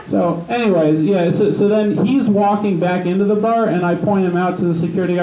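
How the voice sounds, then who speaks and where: A man's voice: high voice, fast, few pauses, mellow. A man doing stand-up at an open mic, telling a rambling, profane story full of restarts and lost threads. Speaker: stand-up comedian. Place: open mic night in a gym bar. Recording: echoey, distant, dull live room recording.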